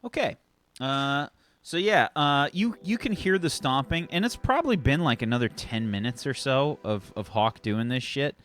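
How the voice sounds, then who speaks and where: A man's voice: medium pitch, lively intonation, normal speed, a bit bright. A man narrating as game master, rambling through descriptions with lots of "like" and restarts. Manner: rambling, full of "like" and restarts, laughs along.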